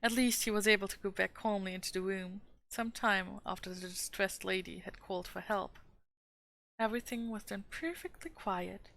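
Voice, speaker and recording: A woman reads a classic children's novel aloud in a calm, steady storytelling voice. Her tone has a noticeable gravelly fry at mid pitch. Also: normal speed. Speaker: streamer reading a novel aloud.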